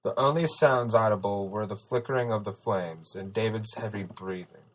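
A man reading a story aloud as narrator, steady and even. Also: on the low side, normal speed, rough recording. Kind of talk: audiobook narration.

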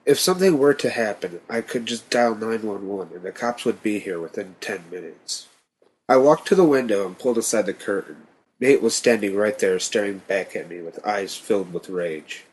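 A man reading a first-person horror story in a tense, steady manner. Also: on the low side, normal speed, slightly rough. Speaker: narrator.

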